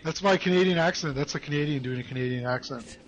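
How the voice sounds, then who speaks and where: A man's voice: fairly high pitch, lo-fi sound, slight background noise. A man joking with friends over a video game, telling rambling absurd stories and drawing out his punchlines. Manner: rambling absurd tall tales, slow drawl for punchlines. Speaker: co-host of a gaming stream. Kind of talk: joking gaming banter.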